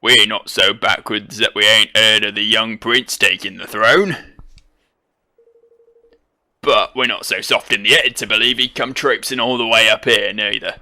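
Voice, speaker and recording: A man's voice: on the low side, steady tone, a little slow, sharp tone, full character voice. A man growling as a stern blustering sky pirate. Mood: scornful. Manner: old-timey pirate talk, growling threats. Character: gruff middle-aged male sky pirate, blustering and stern. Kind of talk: reading game dialogue aloud in voices.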